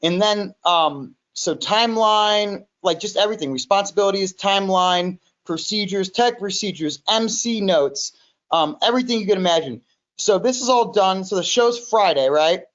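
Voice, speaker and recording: A man with a high voice spins a casual story, animated and rambling, full of self-quotes. The audio sounds dull and lo-fi, like a home call recording. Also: normal speed. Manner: animated, repeats himself, quotes himself. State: recovering in hospital. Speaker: podcast guest, music studio owner.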